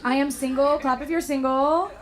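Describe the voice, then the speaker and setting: A raspy young woman doing a brash, bawdy, self-mocking stand-up set on a comedy club stage. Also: high-pitched, steady tone, moderate pace. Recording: loud crowd and noise in a club. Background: crowd laughing.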